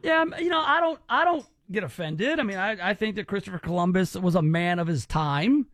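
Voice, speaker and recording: High-voiced joking male radio host. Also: fairly quick, no room sound. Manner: joking, teasing, energetic. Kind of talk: radio call-in game banter.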